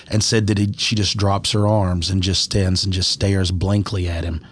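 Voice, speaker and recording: A man's voice: sits low, level tone, moderate pace, breathy edge. A man co-hosting a podcast, telling a strange story in casual chat and acting out the quoted lines with animation. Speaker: podcast co-host.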